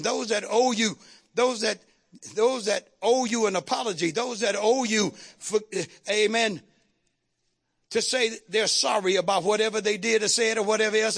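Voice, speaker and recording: High, gravelly-voiced preaching man. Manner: fervent, shouting call-and-response preaching. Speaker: pastor. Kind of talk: sermon.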